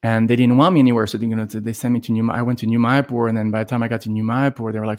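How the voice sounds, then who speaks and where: Male guest from Los Angeles, animated storyteller who acts out quotes and leans on fillers. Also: mid-range voice, fast. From Los Angeles, USA. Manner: animated, acts out quoted voices, heavy "like" and "you know" fillers. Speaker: podcast guest. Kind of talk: conversational storytelling.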